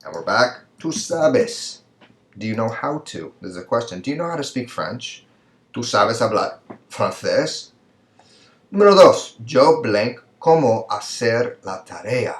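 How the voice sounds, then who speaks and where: A man's voice: medium pitch, very animated, measured pace, reverberant. A man who teaches college Spanish, explaining exercises patiently on a screen recording and checking in often with "right?" and "okay?". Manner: patient, repeats answers with frequent "right?" and "okay?". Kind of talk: screen-recorded lecture walking through exercises.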